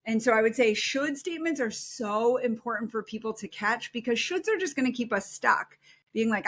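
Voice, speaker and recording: A middle-aged woman psychologist speaks as a podcast guest with a fairly high voice. She talks earnestly and with animation, and her advice comes across as heartfelt. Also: normal speed. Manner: earnest, animated, acts out quoted self-talk. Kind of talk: podcast interview, advice-giving.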